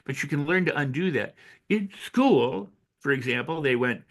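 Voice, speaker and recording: An older man, an author and coach, talking in an interview with animated storytelling, acting out quoted voices and often restarting his sentences. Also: a little high, normal speed. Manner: frequent restarts and repetitions. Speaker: author and personal growth coach. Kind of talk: interview conversation.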